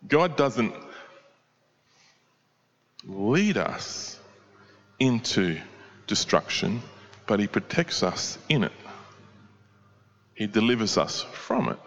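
A man's voice: on the low side, very animated, slow, pauses often, big-room sound, highs cut off. A man preaching a sermon and explaining a prayer line by line, with many rhetorical questions. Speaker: pastor.

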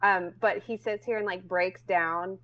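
A woman's voice: mid-range voice, fairly even intonation, a little slow, sharp tone. A woman co-hosting a casual chat, rambling with many fillers. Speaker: podcast co-host. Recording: muffled lo-fi audio.

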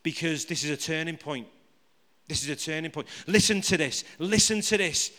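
A man preaches to his congregation in a high, ringing voice. He jokes and fires rhetorical questions at the room. His voice carries a long reverb from the large hall. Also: normal speed, sharp tone. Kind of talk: live sermon to a congregation.

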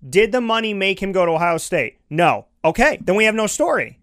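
Male sports talk host, higher-set and smooth, dry studio mic, rambling and animated. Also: brisk, dry recording. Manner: animated, rambling, with frequent restarts and "you know". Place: home studio. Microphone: studio microphone.

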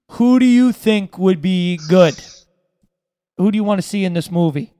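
Smooth high-voiced male co-host. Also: unhurried, warm tone, no room sound, studio quality. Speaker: podcast co-host. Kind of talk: casual comedy chat.

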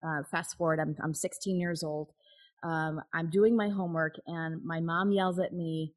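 A woman's voice: deep voice, steady tone, moderate pace, low-quality recording. A woman guest telling a personal story in an interview, candid and open, laughing now and then. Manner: candid, with frequent restarts and nervous laughs.

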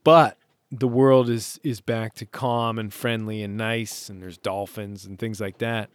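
Smooth, unhurried male solo sailor. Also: on the low side, fairly even intonation, no room sound. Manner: rambling, self-mocking, laughs often. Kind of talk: casual talk. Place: on a sailboat offshore.

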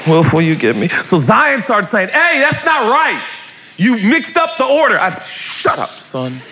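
Brief: male pastor, bright tense voice, very animated delivery, jokey live sermon in a church hall. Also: very high voice, moderate pace, a little hiss or hum. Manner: animated, joking, shouts and acts out quotes. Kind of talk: lively sermon to a live congregation.

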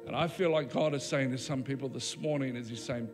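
A man preaching a sermon as pastor, emphatic, with dramatic pauses and voiced quotes. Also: medium pitch, big-room sound, over music.

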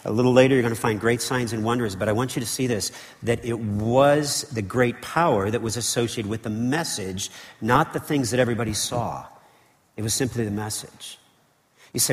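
Man pastor, animated casual sermon voice, long church reverb, mid pitch. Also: brisk. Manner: animated, conversational preaching with frequent "okay" and "right". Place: church sanctuary.

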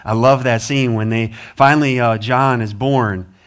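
A man's voice: mid-range voice, steady tone, a little slow. A man preaching a sermon as pastor, earnest, with rising emphasis, American accent. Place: church sanctuary.

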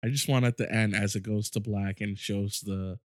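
A man co-hosting a podcast in casual chat, telling stories in animated, excited bursts. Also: lowish voice, moderate pace, dry recording, studio quality. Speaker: podcast co-host.

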